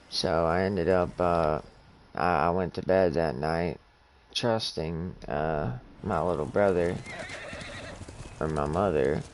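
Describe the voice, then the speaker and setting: Young male streamer, low voice, halting emotional storytelling, faint background hum. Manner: halting, emotional, many restarts and fillers. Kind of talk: casual storytelling.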